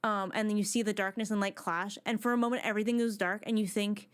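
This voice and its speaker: A woman streamer chatting casually while she plays a video game, rambling with excitement and restarting her sentences often. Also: medium pitch, fast, smooth. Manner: excited, rambling fan talk with many restarts.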